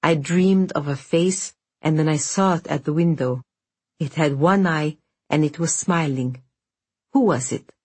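A woman's voice: low voice, unhurried, darkish tone, slightly rough. A woman voicing a determined young girl who speaks urgently and snaps when pressed. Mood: tense. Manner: urgent, snapping.

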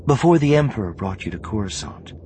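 A man voicing a gentle, probing woman leader in an audiobook reading, with a soft, gentle delivery. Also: fairly low pitch, sing-song, brisk, slight background noise, voice pushed up. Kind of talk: audiobook character voice.

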